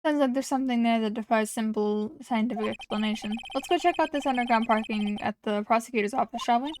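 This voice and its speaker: A woman's voice: fairly high pitch, fast talker, background noise, natural voice. A woman voicing a puzzled young male defense attorney in a plain, questioning way. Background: game music.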